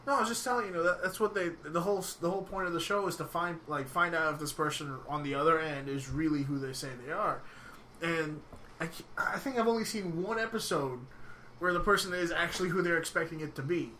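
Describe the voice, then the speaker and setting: High, bright-voiced man rambling on a podcast. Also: slight background noise. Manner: rambling, lots of "like", quick to tease. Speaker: podcast co-host. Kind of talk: casual podcast chat.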